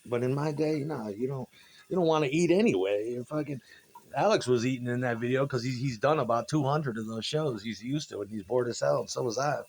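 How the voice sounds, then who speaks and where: A man's voice: mid-range voice, brisk, creaky. A man, a musician, telling rambling, profane stories about old gigs and acting out what people said. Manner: profane, rambling, animated when quoting people. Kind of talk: casual storytelling monologue.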